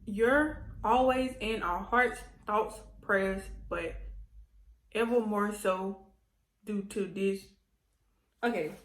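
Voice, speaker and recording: A goofy, excitable woman chatting casually through an unboxing vlog, laughing and getting emotional as she reads notes aloud. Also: medium pitch, slow, pauses often, roomy sound, low-quality recording. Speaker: vlogger.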